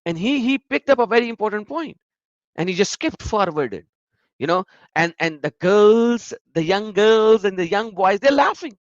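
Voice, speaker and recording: A man's voice: high-pitched, expressive, moderate pace, no room sound. Emphatic man in dull dry recording. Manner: emphatic, repeats words for stress. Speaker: commentator. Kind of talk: reaction commentary on video clips.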